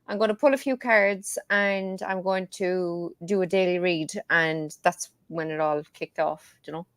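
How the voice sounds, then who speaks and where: A woman's voice: on the low side, fairly even intonation, a little slow, fairly bright tone, dry recording. A woman with a Cork Irish accent, chatting as a guest and telling stories with plenty of laughs. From Ireland. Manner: chatty storyteller, laughs often. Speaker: guest tarot reader. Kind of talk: casual chat.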